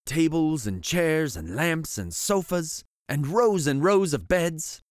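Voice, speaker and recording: A man's voice: a little high, lively intonation, slow pace, a little mellow, dry recording, clean studio sound. A man hosting a show and reading a bedtime picture book aloud, telling the story with voices. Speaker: host and story reader.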